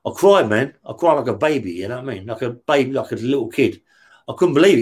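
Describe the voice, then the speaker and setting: A man's voice: medium pitch, animated, fast, darkish tone, slightly rough. A man from West London with a London accent, a guest in an interview, telling his story in casual talk, swearing often and checking in with "yeah?". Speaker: interview guest, former prisoner.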